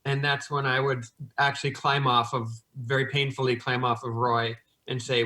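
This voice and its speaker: Man player, bright voice. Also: medium pitch, little pitch movement, normal speed. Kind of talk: describing actions in a tabletop game.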